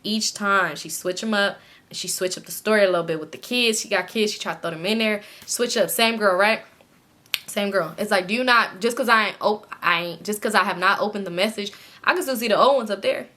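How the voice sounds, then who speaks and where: Bright-voiced hoarse woman telling a story. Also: mid-range voice, a little fast. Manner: animated, slangy, quotes people in voices. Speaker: storytime vlogger. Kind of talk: casual storytime chat.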